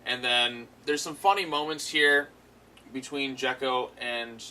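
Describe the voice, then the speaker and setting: Bright-voiced man rambling casually. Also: medium pitch, fairly even intonation, a little slow, slight background noise, poor audio. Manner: rambling, filler-heavy, amused. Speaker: episode reviewer. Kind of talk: casual spoken review.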